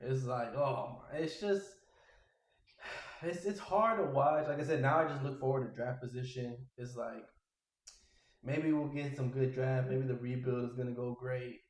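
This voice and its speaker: A man hosting a casual sports podcast, ranting in an exasperated, animated way. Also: medium pitch, moderate pace, reverberant, poor audio. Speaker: podcast host.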